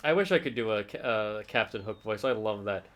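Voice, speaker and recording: A man co-hosting a casual gameplay stream, chiming in with dry wisecracks and deadpan questions. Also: lowish voice, a little fast, slight background noise. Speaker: co-host of a gaming stream.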